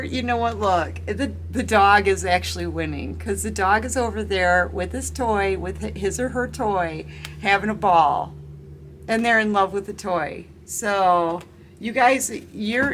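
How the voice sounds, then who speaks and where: A woman's voice: mid-range voice, fairly bright tone, slight background noise. A woman giving a casual tarot reading, chatting and giggling as she talks straight to her viewers. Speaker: tarot reader.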